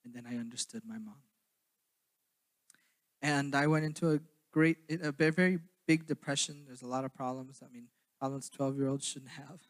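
A young man from southern Minnesota preaching a sermon, then telling his own story in a quieter, halting way. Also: mid-range voice, fairly even intonation. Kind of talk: sermon with personal testimony.

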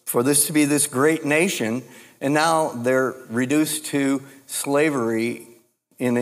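A man preaching a sermon as pastor, speaking in a measured, deliberate way with frequent restarts. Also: medium pitch. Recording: long hall reverb.

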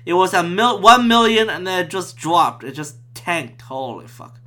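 A man's voice: sits high, normal speed, pushed and bright. A man talking about a video game in a casual, profane rant, full of restarts and repeated words. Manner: profane, ranting, frequent restarts. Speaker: gaming commentator.

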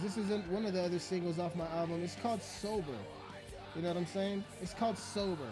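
A man's voice: high-pitched, steady tone, quick pace. A man, a rapper, delivering an aggressive, mocking, profanity-heavy ranting monologue. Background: music playing.

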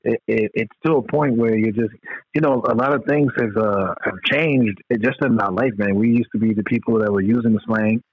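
Quick husky-voiced guy, muffled dry lo-fi recording, animated banter, lots of cussing. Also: fairly low pitch. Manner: animated, profane, agreeing banter. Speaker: podcast co-host. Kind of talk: casual chat.

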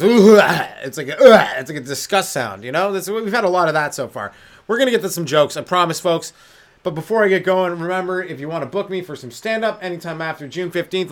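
A man's voice: on the high side, a bit bright. A man hosting his own comedy podcast, rambling through riffs and slipping into silly voices. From Canada. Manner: riffing, slips into silly put-on voices and sung bits. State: high on weed. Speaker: stand-up comedian and podcast host. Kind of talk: rambling solo comedy rant.

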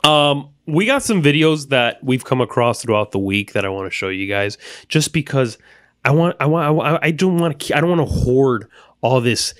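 A man's voice: mid-range voice, normal speed, dry recording, studio quality. A man hosting a casual comedy podcast, riffing loosely on funny videos, with plenty of swearing and playful put-on voices. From Miami. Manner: animated, profane, riffing on videos. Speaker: podcast host.

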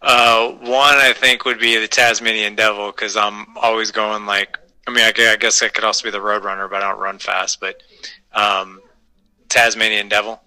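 A man in his forties chatting casually as a podcast guest, self-deprecating and quick to laugh. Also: fairly low pitch, flat delivery, sharp tone, rough recording. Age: 40s. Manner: self-deprecating, laughs often, breaks into playful voices. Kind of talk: casual interview chat.

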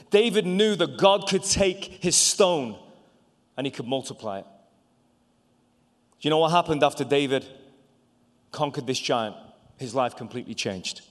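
Animated male preacher with a hall echo. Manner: animated, stammering restarts, big pitch swings between loud and hushed. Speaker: evangelist. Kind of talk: sermon. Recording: long hall reverb.

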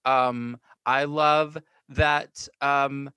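A man's voice: mid-range voice, flat delivery, drawn-out words, bright, forceful tone, clean tone, dry recording. A man co-hosting a podcast in casual chat, ranting with dramatic flair about a show. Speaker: podcast co-host.

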